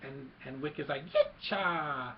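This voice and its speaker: A man excitedly recapping a movie scene by scene, mixing in sound effects and quick character quotes. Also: mid-range voice, vocal fry, lo-fi sound, slight background noise. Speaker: movie reviewer.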